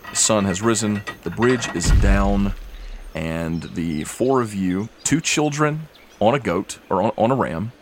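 A man narrating a tabletop game as game master, relaxed and halting with fillers. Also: fairly low pitch, a little hiss or hum.

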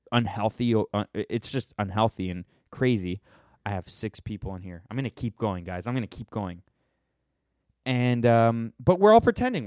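A man in his thirties hosts a livestreamed podcast, rambling sarcastically and restarting often in a monologue. His voice is medium-pitched and a little mellow, recorded at studio quality with no room sound.

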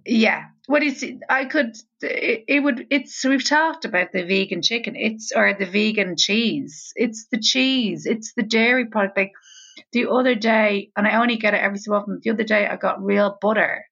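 An Irish woman rambles through anecdotes on a podcast, swearing casually as she goes. Her voice sits at a middle pitch, and the recording sounds slightly dull and lo-fi. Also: normal speed, fairly bright tone, slightly rough. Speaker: podcast co-host. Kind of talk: casual chat.

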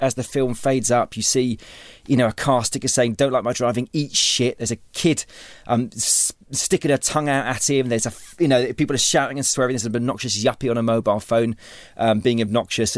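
A man's voice: medium pitch, no room sound, studio quality. Rambling man explaining story craft. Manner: rambling, many restarts and repeated words. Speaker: author and writing teacher. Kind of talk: conversational interview.

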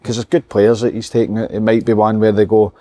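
Casting: Scottish male football pundit, mellow tone, dry close sound. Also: on the low side, level tone, fast, dry recording. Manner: rambling, restarts phrases. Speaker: podcast pundit. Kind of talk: casual football chat.

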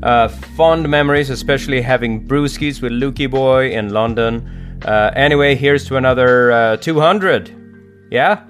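A man giving a lively, chatty recorded message of congratulations. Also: medium pitch, measured pace, faint music behind.

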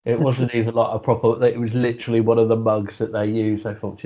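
A man's voice: mid-range voice, monotone, fairly quick, dark tone. A man co-hosting a podcast, joking and laughing, often stammering and restarting his sentences. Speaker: podcast co-host. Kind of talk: casual chat. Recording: dull lo-fi podcast audio.

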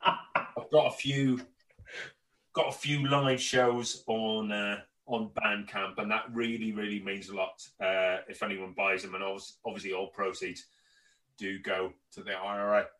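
A man's voice: fairly low pitch, flat delivery, unhurried, a bit bright, recorded from a distance, low-quality recording. A man with a Northern Irish accent, a comedian chatting on a podcast and telling stories, rambling with stammered restarts and plenty of swearing. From Northern Ireland. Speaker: guest comedian. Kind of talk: casual podcast chat.

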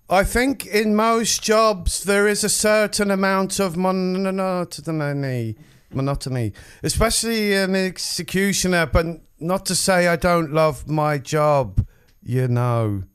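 A man voicing a slow-witted London hangman in a comedy sketch, with a put-on London accent. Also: high-pitched, a bit bright, smooth, pitched above the performer's own voice. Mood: earnest. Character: cockney London hangman Eddie, dim and slow.

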